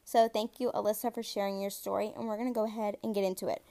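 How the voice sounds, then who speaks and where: A woman with a gravelly, mid-range voice talks fast as host of a casual true-crime podcast. She's excitable and chatty, speaking right to her listeners, with the odd stumble over words as she reads.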